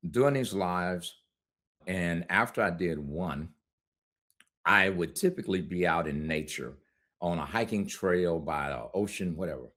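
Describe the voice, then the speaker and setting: A man's voice: sits low, unhurried, fairly bright tone. A middle-aged man, a guest on an interview show, telling a personal story in a candid, conversational way, with frequent laughs.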